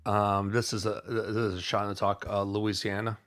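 A man's voice: lowish voice, little pitch movement, normal speed, fairly bright tone. A man contributing to a casual podcast chat, tentative and self-deprecating. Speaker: show contributor.

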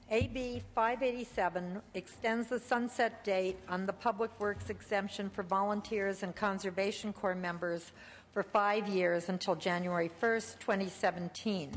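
A woman's voice: mid-range voice, slight background noise. Woman senator giving a prepared floor speech. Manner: prepared, steady, read from notes. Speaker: state senator presenting a bill. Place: large legislative chamber. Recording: chamber broadcast with long reverb.

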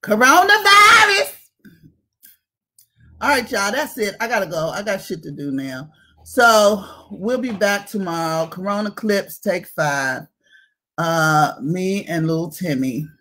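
Brief: woman comic co-host, raunchy and animated storyteller, mid-pitched voice, video-call audio. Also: measured pace. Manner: animated, laughing, acts out other people. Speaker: comedy show co-host.

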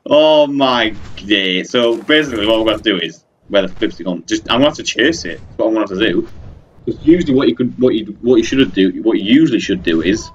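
A young gaming channel host does let's play commentary on his own gameplay, exasperated and ranting at the game while addressing viewers. His lowish voice is animated and quick, and the audio sounds dull, with a little hiss or hum.

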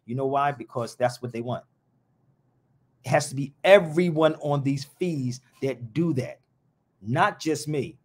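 A man's voice: mid-range voice, measured pace. A man hosting a live show in a casual stream, talking in an impassioned, blunt and rambling way, heavy on slang.

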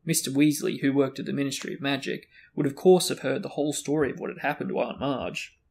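A man with a gravelly voice reads a novel aloud. He acts out the dialogue with lively character voices and stops now and then for casual chat. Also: medium pitch, fairly quick, few pauses. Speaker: book discussion host reading aloud.

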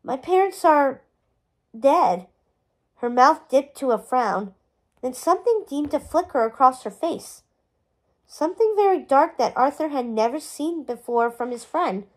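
A woman's voice: sits high, animated, moderate pace. A woman reading a novel aloud as narrator, telling the story expressively.

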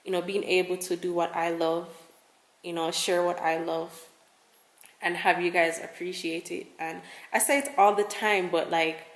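A woman's voice: lowish voice, level tone, normal speed, reverberant. A young woman travel vlogger talking casually to camera in a rambling, effusive way, often repeating her words.

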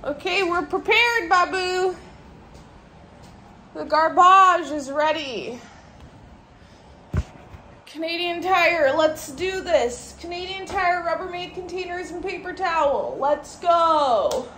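Give me a young woman with a high voice rambling frankly in a daily vlog, tired and exasperated, over noisy phone audio. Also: expressive, takes it slowly, pushed and bright. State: tired and sweaty. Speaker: vlogger. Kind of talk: casual vlog chatter. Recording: phone vlog with clear background noise.

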